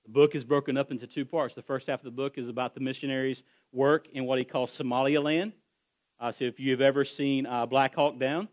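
A man preaching a sermon to his congregation, retelling a story with rising intensity and frequent restarts. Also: mid-range voice. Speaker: pastor.

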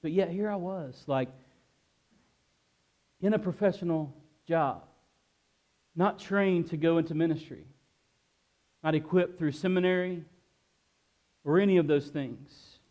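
Earnest middle-aged guy preaching, voice a bit on the high side, keeps restarting his sentences. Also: mellow, dull audio. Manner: earnest, repeats himself, halting restarts. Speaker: pastor. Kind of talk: sermon with personal testimony.

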